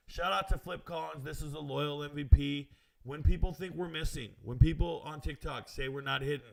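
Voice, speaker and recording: This sports betting show host speaks at a medium pitch. Live on stream, he picks out viewer comments and fires back with cocky confidence, loose slang, and chatty side remarks.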